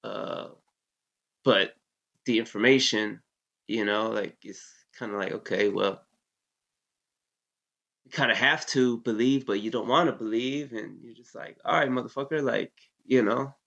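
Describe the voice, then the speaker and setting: A man's voice: on the low side, steady tone, unhurried, vocal fry, pauses often, a bit bright. A man in his thirties, an Army veteran, telling a story in a loose, casual way, full of "you know" and swearing. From United States. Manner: laid-back, heavy with fillers like "you know", curses freely. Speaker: interview guest, Army veteran. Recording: dull lo-fi sound.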